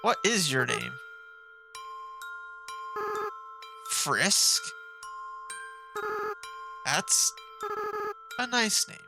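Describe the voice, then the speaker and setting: A woman voicing a young goat monster boy from a game, tearful and remorseful, reading the dialogue softly and with feeling. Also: deep voice, sing-song, extremely slow, vocal fry, full character voice. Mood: tender. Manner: soft, emotional reading of on-screen dialogue. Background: loud game music.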